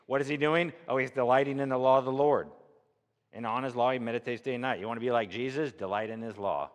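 A pastor from Missouri, USA, delivers a conversational sermon, putting rhetorical questions to the congregation. He speaks fast in a mid-range voice, and the sound carries the feel of a large hall.

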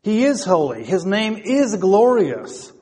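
A man's voice: sits high, big pitch swings, slow pace, a little mellow, husky, big-room sound. A man preaching a sermon who often asks rhetorical questions and repeats his phrases.

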